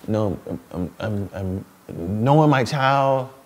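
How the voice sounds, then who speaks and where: A man in his thirties, a stay-at-home dad as an interview guest, telling stories in a lively way with frequent laughs and repeated words. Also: on the low side, takes it slowly. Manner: animated storytelling, laughs often, repeats words. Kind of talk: casual interview talk.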